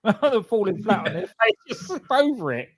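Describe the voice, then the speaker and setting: Animated high-voiced man, cheeky. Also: fairly quick, breathy edge. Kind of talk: casual podcast chat.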